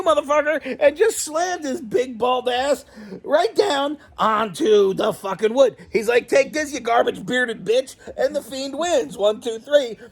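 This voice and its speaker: A man hosting a casual reaction chat, excitable and profane, often laughing and breaking into shouts. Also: sits high, gravelly. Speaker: host of a toy and wrestling channel.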